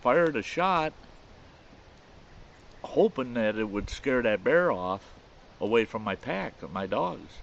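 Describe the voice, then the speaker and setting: A man voicing an old backwoods bear hunter friend who tells tall tales matter-of-factly, his voice pitched up from his own. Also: animated, slow pace, vocal fry, long pauses. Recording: slightly muffled recording with faint hiss.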